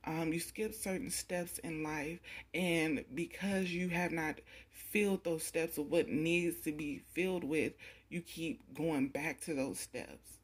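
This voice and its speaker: A woman's voice: low voice, slightly rough. A young woman doing a casual pick-a-card tarot reading, talking bluntly and with a lot of cursing straight to the viewer. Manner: blunt, profane, repetitive, talks straight to the viewer.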